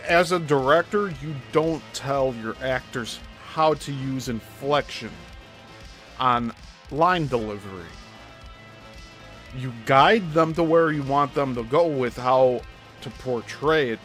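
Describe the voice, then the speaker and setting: A man's voice: mid-range voice, takes it slowly, a bit bright, soft background music. A man hosting a show, giving critical, explanatory commentary on a script. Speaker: host.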